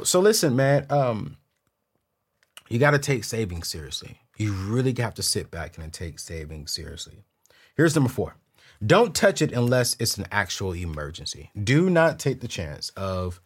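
A man with a husky, slightly breathy voice talks straight to camera as a show host. His pitch swings widely as he tells a slangy, candid story, and he stumbles over repeated words when he gets excited. The delivery is casual and chatty throughout. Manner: slangy, keeps it real with viewers.

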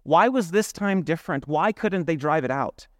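A man's voice: fairly high pitch, lively intonation, moderate pace, no room sound, clean studio sound. Man preaching a conversational sermon. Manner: conversational, many rhetorical questions. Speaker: pastor.

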